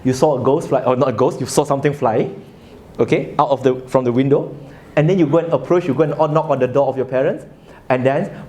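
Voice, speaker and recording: A man's voice: mid-range voice, fairly quick, dark tone. A man giving a religious talk to a live audience, telling a story and asking listeners questions. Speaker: religious speaker.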